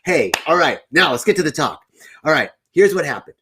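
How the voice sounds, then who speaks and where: A man's voice: a little high, sing-song, a little fast, pushed and bright, husky. A middle-aged man hosting a spiritual live stream, chatting casually, greeting viewers by name and telling a candid story.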